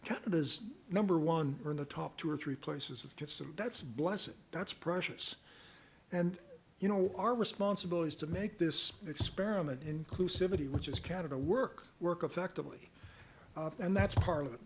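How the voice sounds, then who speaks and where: An older man answering reporters' questions at a news conference, measured and earnest, sometimes reading passages aloud. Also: fairly high pitch, a little hiss or hum. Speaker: special rapporteur answering press questions.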